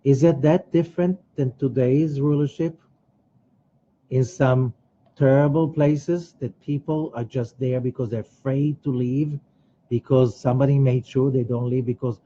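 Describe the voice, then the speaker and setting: A man teaching a Kabbalah study class in an animated way, acting out quoted voices. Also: measured pace, highs cut off, a little hiss or hum. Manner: animated, rising to emphatic high bursts; acts out quoted voices of other people. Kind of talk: religious study lecture.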